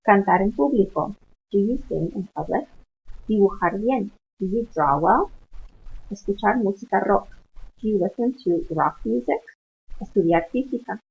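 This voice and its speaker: A woman's voice: medium pitch, expressive, moderate pace, creaky, breathy edge. Woman teacher over tinny, phone-like audio. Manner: patient, explanatory, switching between English and Spanish words. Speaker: Spanish instructor. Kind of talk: screen-share walkthrough of online coursework.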